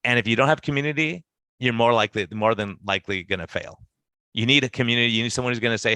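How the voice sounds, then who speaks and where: Fast-talking, bright-voiced male physician. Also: medium pitch, dry recording. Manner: animated, acts out patient conversations in quotes. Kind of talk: casual podcast discussion.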